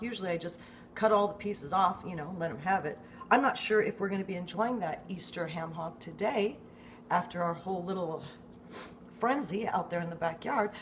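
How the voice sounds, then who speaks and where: A middle-aged woman from the United States telling an exasperated, animated story in a casual vlog, swearing freely and often tagging her lines with "okay?". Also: lowish voice, slight background noise. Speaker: vlogger, dog owner.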